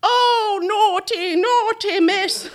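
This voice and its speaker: A woman voicing a pair of very old pet cats who mew and scold in drawn-out, shrill warnings during a live storytelling performance. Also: exaggerated voice.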